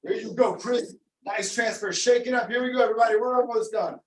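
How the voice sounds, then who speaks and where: A man's voice: very high voice, quick pace, roomy sound, distant mic, low-quality recording. A man leading a live online workout class as coach, upbeat and encouraging, calling out names and counting down reps. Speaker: fitness coach.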